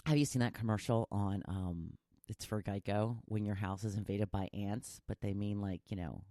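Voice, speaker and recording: A woman's voice: very deep voice, steady tone, normal speed, dark tone, no echo. Chatty goofy woman podcaster, dry sound. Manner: chatty and goofy, laughing between thoughts. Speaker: podcast host. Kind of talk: casual solo podcast monologue.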